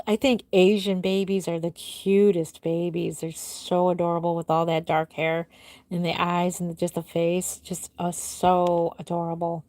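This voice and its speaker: A middle-aged woman who makes reborn dolls, chatting casually with viewers on a live stream from home and answering their comments one by one. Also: no room sound. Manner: chatty, answers viewers one by one, drifts soft and low at the ends of thoughts. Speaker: reborn doll artist hosting a live stream.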